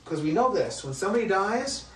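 A high, sing-song male voice moves fairly quickly through a Bible study lesson, emphatic and conversational and heavy on rhetorical questions. A little hiss or hum is audible, and the recording sounds roomy, with a distant mic and faint ambience.

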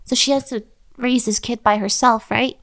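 A woman's voice: a little high, steady tone, normal speed, a bit bright. A woman on a podcast, rambling and laughing as she makes up a strange story in casual chat. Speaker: podcast co-host.

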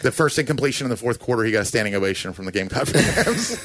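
Animated joking man telling stories. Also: medium pitch, very fast, no echo. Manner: animated storyteller, joking, acts out quotes. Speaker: former college kicker, guest. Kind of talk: casual chat.

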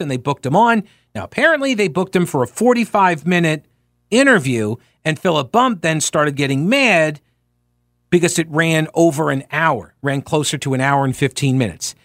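A man's voice: fairly high pitch, no echo. A man hosting talk radio, arguing his points with rhetorical questions and restarts, speaking into a studio microphone. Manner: animated, argumentative, with frequent restarts and rhetorical questions. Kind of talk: opinionated talk radio commentary.

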